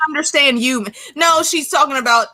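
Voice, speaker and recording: A woman's voice: high voice, moderate pace, background noise. A woman hosting a casual chat who speaks emphatically and playfully. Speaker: host.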